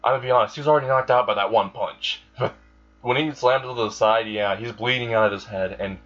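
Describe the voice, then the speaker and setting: A man's voice: medium pitch, fast talker, fairly bright tone. A young man casually improvising a fan story, rambling, swearing and correcting himself as he goes. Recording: dull lo-fi recording.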